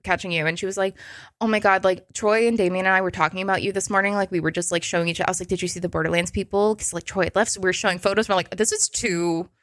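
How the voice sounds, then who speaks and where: A woman's voice: medium pitch, fairly even intonation, very fast, fairly bright tone, dry recording, clean studio sound. A woman guest on a podcast, telling stories in casual chat with lots of filler words and frequent laughter.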